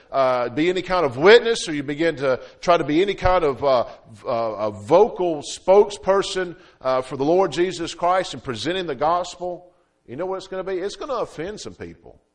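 Male pastor preaching, a touch high-pitched; rises to loud emphasis and drops to a hush, punctuated with amens. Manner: preaching with frequent "amen" calls and fillers; swings between loud emphatic peaks and dropping low and quiet. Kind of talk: sermon.

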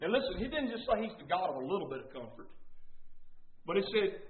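A man's voice: high-pitched, very animated, fast, pauses often. A man preaching a sermon with fervor, repeating phrases and calling out to the congregation. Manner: fervent, repetitive, calls out to the congregation. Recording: echoey, tinny phone-like sound.

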